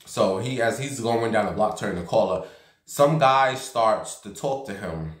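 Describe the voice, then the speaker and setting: A man's voice: lowish voice, animated, a little slow. A man vlogging casually from a basement room at home, telling a gossipy story and acting out the voices of the people in it. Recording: roomy echo.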